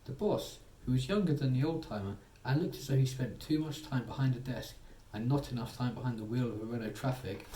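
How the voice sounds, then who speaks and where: Man, bedtime story narrator, soothing, mellow tone, roomy distant sound. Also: medium pitch, a little hiss or hum. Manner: soothing, gently voicing characters. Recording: echoey room, distant mic, faint ambience.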